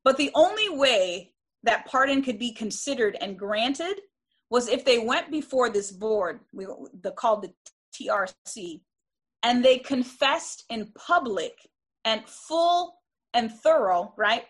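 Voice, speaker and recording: A woman's voice: a little high, animated, unhurried, slightly rough. A woman giving a classroom lecture in an earnest, emphatic way, often restarting and checking in with "right?".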